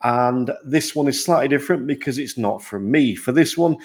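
Upbeat man hosting a podcast. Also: moderate pace. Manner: upbeat and self-deprecating, with lively jumps in pitch. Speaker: podcast host.

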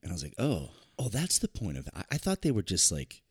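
A man chatting casually as a podcast co-host, telling a story in a relaxed, conversational way. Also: low voice, fast, husky. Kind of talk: casual chat.

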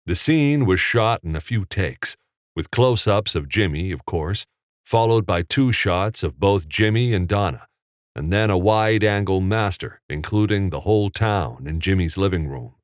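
A man reading an audiobook chapter in a measured, even storytelling manner. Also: low-pitched, no echo. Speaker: audiobook narrator. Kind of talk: scripted audiobook narration. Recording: dry, close.

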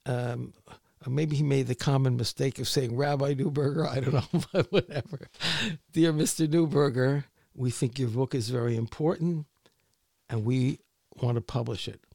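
Slow gravelly man, halting author. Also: mid-range voice, darkish tone, no echo, clean studio sound. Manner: halting, repeats words often. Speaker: author being interviewed. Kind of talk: conversational interview.

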